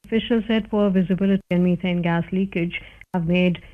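A newsreader reading a scripted news bulletin in a measured, formal way. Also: mid-range voice, steady tone. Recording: narrow-band radio broadcast.

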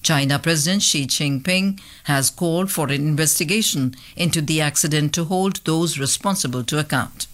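A woman reading international news bulletins in a measured, formal way as a radio newsreader. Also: low voice.

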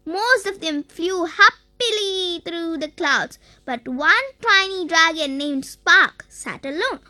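A storyteller reading a children's story in a sing-song, animated way. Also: very high voice, takes it slowly, no echo.

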